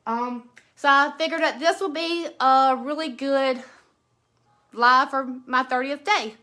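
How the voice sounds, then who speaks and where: Southern woman, bright high voice, homey live-stream crafter who chats with viewers by name. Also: takes it slowly. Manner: chatty, greets viewers by name, drawling. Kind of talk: casual live-stream chat. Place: at home beside a Christmas tree.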